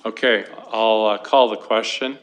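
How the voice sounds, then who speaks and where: A man's voice: fairly low pitch, steady tone, measured pace, a little hiss or hum. A man chairing a council committee meeting, speaking hesitantly with fillers into a desk microphone in a council chamber.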